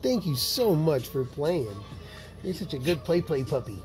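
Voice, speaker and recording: A man's voice: fairly high pitch, big pitch swings, a little slow, a little mellow, faint music behind. A man talking to his dogs as their owner, doting and coaxing, praising them and laughing often. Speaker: dog owner. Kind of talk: casual talk to his pets.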